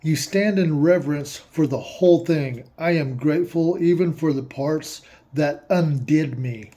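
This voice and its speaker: A man reads passages aloud and rambles about them in a casual monologue, his fairly high voice warm and a little slow. He's emotional as he reacts, his eyes watering.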